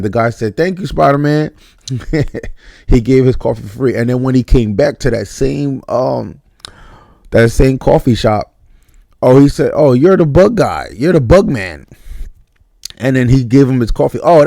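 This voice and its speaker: A man giving a casual spoken movie review, blunt and animated, with mock voices and some cursing. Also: medium pitch, no room sound, clean studio sound.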